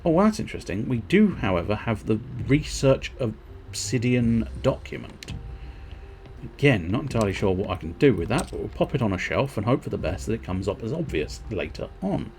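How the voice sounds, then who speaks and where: A man's voice: on the low side, sing-song, normal speed, a little mellow, a little hiss or hum. A man streaming a game, rambling and mocking himself in casual chat. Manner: rambling, self-mocking, giggly.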